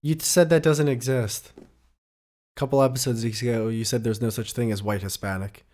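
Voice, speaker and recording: A man hosting a casual podcast, talking in a teasing, animated way and often cutting in over his co-host. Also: mid-range voice, normal speed. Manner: teasing, animated, talks over the other speaker.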